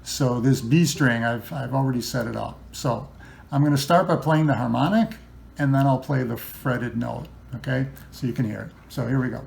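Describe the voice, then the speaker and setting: Chatty man with a gravelly edge, casual how-to, loose and rambling. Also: mid-range voice, moderate pace, background noise. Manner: chatty, loose, many ums and restarts. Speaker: guitar builder demonstrating setup. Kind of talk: casual instructional talk.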